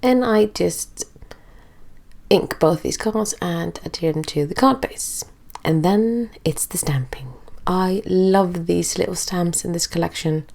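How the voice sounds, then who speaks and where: A woman's voice: fairly low pitch, creaky, a little mellow. A woman narrating a craft tutorial in a chatty, easygoing way, sounding stuffy and congested. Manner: chatty and easygoing, with filler pauses. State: stuffy, recovering from illness.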